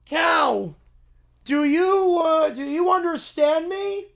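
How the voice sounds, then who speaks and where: A goofy young joker who will not stop yelling corn puns. The voice sits high and strained, with a gravelly rasp, and it rushes up to a shout on every punchline. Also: male voice, exaggerated voice. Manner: shouts the same pun catchphrase again and again. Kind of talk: comedic read-aloud of a viewer prompt.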